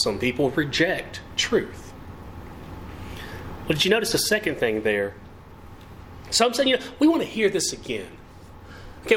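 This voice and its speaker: A man's voice: on the high side, fairly bright tone, a little hiss or hum. A man preaching a sermon with emphasis and rhetorical questions. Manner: emphatic, rising and falling delivery with rhetorical questions.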